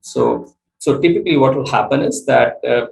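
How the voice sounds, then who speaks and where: A man, a startup CEO, explaining his business in an interview, halting with many fillers and restarts. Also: medium pitch, huge pitch swings, vocal fry, darkish tone, poor audio. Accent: Indian English.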